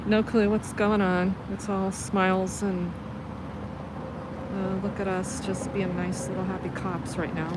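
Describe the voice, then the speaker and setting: A woman livestreaming on a city street from a phone, giving sarcastic commentary on police and at times shouting at them. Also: mid-range voice, flat delivery, measured pace. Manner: sarcastic, turns to loud shouting at officers. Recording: street recording with traffic noise.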